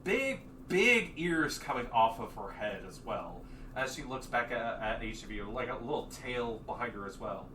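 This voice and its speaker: A man's voice: mid-range voice, lively intonation, moderate pace. A man narrating as game master, describing scenes in a loose, meandering way full of fillers. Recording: echoey room, distant mic, noisy.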